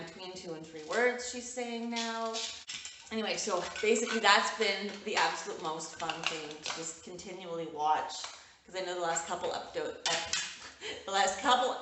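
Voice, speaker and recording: A woman's voice: lowish voice, normal speed. A young woman vlogging casually to camera from home, rambling and laughing often. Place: indoors at home with window light. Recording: roomy echo, distant mic, faint noise.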